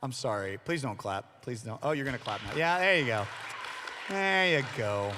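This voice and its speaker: A man's voice: medium pitch, normal speed, noisy background. A man giving a youth sermon, telling stories with jokes and playful asides. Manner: animated storytelling with jokes and asides. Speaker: youth pastor. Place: church hall. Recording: long reverb of a large hall.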